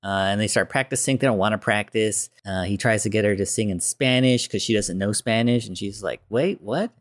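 Low-voiced man casually recapping a film. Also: a little fast, no room sound, studio quality. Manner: relaxed, chatty retelling with filler words. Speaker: podcast co-host.

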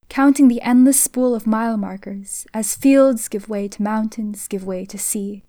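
A woman reading a literary short story aloud in a soft, hushed voice that sometimes drops to a whisper. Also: on the high side, moderate pace, few pauses, dry recording. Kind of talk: literary reading in second person.

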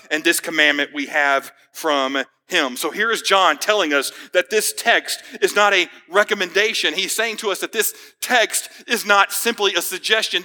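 A high, pushed, bright male voice rings out as a pastor preaches with earnest emphasis, putting pointed questions to those gathered. The sermon is recorded in a church sanctuary, with hall reverb.

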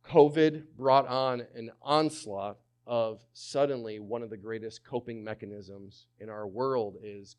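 Guy preaching, goes quiet then loud, does little voices for the people in his story. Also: on the low side, normal speed, hardly any pauses. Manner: dramatic swings from hushed to loud, acts out quotes. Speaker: pastor. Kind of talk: sermon.

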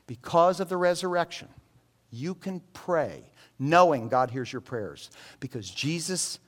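Male pastor, somewhat high-pitched, lively, humorous storyteller delivering a sermon. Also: unhurried. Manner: animated, joking storyteller.

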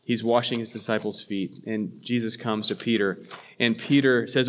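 Guy pastor preaching, chatty and halting, lots of uh and restarts, mid pitch. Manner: conversational, halting with fillers and restarts. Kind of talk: sermon.

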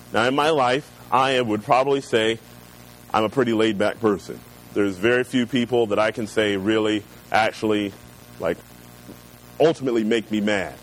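A man preaching in a relaxed, conversational way. He reads scripture slowly and deliberately, then slips into easygoing personal storytelling. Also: on the low side, a little hiss or hum, low-quality recording. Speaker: pastor. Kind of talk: sermon with personal stories.

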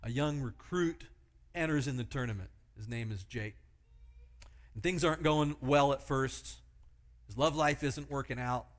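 A man's voice: medium pitch, measured pace. Man preaching with vivid storytelling. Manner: vivid storytelling with rhetorical questions. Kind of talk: sermon illustration.

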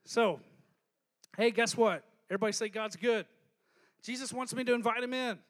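A male pastor preaching a lively sermon, joking and calling on the congregation to respond. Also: very high voice, moderate pace.

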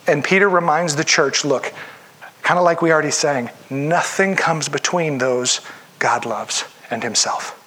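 A man preaching a sermon in a relaxed, conversational way, often acting out the voices of the people he quotes. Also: a little high, measured pace. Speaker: pastor.

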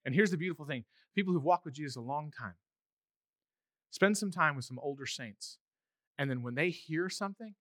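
Animated, high-voiced male pastor. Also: a little fast, dry recording, clean studio sound. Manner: animated, conversational, acts out voices. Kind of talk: sermon.

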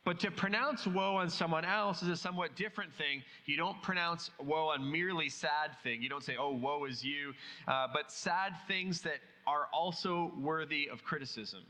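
A man's voice: a little high, moderate pace, few pauses, pushed and bright, big-room sound, poor audio. A man preaching a sermon in a conversational way, asking many rhetorical questions.

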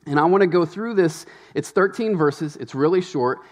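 A man with a slightly high voice preaching a sermon to his church. He talks in a loose, conversational way, full of asides and quick questions to the congregation. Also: expressive. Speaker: pastor.

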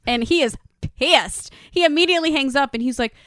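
A woman's voice: sits high, a little fast, no echo, clean studio sound. A woman co-hosting a casual chat, laughing and swearing as she recaps a TV episode. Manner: laughing, animated, swears freely. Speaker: podcast co-host.

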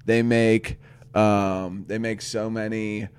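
A man's voice: lowish voice, flat delivery, slow pace, darkish tone, clean tone. A man co-hosting a morning show in casual chat, teasing his partner and laughing often. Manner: teasing, giggly banter.

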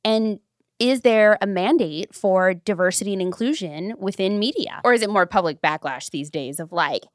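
A chatty woman hosting a podcast, her voice lively and full of jokes. She sits close to a dry, dead mic. Her pitch sits in a middle range. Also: normal speed, no echo. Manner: chatty, animated, jokey. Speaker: podcast host. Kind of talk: casual interview chat.

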